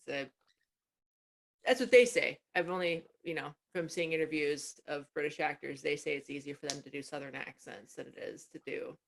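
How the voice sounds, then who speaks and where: A woman's voice: deep voice, moderate pace, vocal fry. A woman co-hosting a podcast, chatting and telling stories, often trailing off mid-thought. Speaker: podcast co-host. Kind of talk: casual chat.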